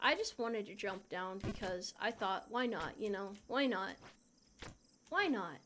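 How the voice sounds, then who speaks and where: A woman's voice: mid-range voice, animated, measured pace, a bit bright, a little hiss or hum. A young woman streaming a game, chatting casually and playfully answering her viewers. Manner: playful, reads and answers chat. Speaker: VTuber streamer. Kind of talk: casual gameplay chat with viewers.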